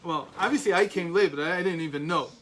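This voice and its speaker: A man's voice: a little high, fast talker, fairly bright tone, a little hiss or hum, rough recording. An American man in his forties teaching a class, telling a personal story in a chatty way with many restarts and asides. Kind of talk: storytelling lecture.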